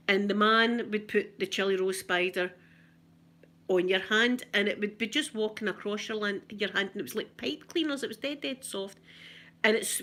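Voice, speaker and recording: A woman's voice: mid-range voice, a bit bright. A middle-aged woman with a Scottish accent chatting through funny memories in a casual ASMR video, often laughing. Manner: chatty, giggly, anecdotal. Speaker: ASMR vlogger.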